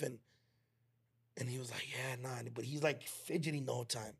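Podcast co-host, male, gravelly and husky, casual slangy storyteller who acts out quotes. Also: medium pitch, steady tone. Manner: slangy and heartfelt, acts out friends' lines in quick quoted bursts.

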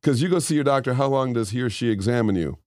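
A man's voice: mid-range voice, fast, darkish tone, no room sound. Rambling middle-aged man, dry close sound. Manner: rambling, digressive storyteller. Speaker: podcast co-host. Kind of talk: casual chat.

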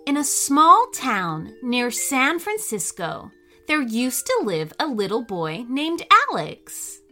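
A woman reads a children's adventure story in a slow, unhurried way with a very lively, sing-song melody. Her voice is bright and crisp, and soft music plays faintly underneath. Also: a little high. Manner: cheerful, animated storytelling. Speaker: podcast host and storyteller.

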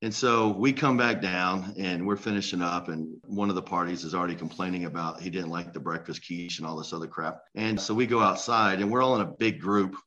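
A man recounts a trip story in relaxed chat, getting lively as he goes. His voice sits on the low side. The recording sounds somewhat dull and lo-fi. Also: a little fast, few pauses. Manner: animated, laughs through the punchline. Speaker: guest. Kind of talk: casual storytelling.

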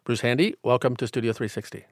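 A man's voice: medium pitch, quick pace, dry recording. Radio host, man, polished delivery, dry close mic. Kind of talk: scripted radio hosting.

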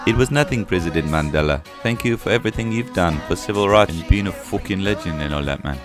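A man playing a brash young man giving a crude, grandiose speech in a put-on South African accent. The voice is low. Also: quick pace, over music, natural voice.

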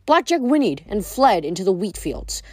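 A woman reading a novel aloud in an unhurried way, with small slips and restarts. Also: mid-range voice, very animated, husky. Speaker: reader.

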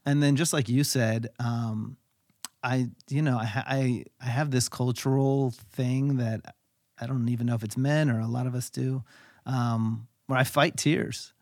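A man's voice: mid-range voice, steady tone, unhurried, darkish tone, no room sound, clean studio sound. A man who is a guest on a podcast, talking candidly and with animation, swearing casually as he tells personal stories. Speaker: podcast guest, tech company founder. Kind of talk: candid conversational storytelling.

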